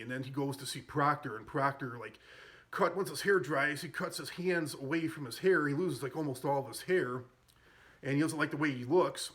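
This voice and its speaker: A man's voice: on the high side, moderate pace, fairly bright tone. Rambling man recapping a comedy film. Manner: rambling, amused, full of fillers and self-corrections. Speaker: movie reviewer. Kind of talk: casual movie recap.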